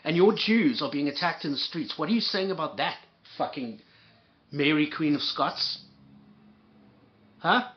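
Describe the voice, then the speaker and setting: A commentator reacting to a clip lets loose an angry, profane rant in a fairly high, animated voice, heaping sarcasm and insults on his target. Speaking a little slowly with frequent pauses, he trips over his words and restarts. The audio sounds dull and lo-fi.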